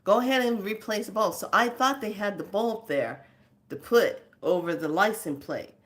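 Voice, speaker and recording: A woman's voice: medium pitch, moderate pace. A woman hosting her own spiritual vlog, talking casually and telling exasperated stories with frequent laughter. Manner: chatty, exasperated storytelling, laughs often. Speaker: spiritual vlogger.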